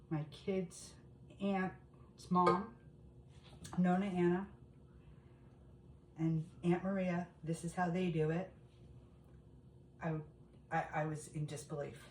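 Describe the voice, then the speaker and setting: Mom type talking thru a recipe, kinda low voice, roomy kitchen echo. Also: female voice, slight background noise. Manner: chatty, talks straight to viewers. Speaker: home cooking vlogger. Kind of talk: casual cooking demonstration. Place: home kitchen.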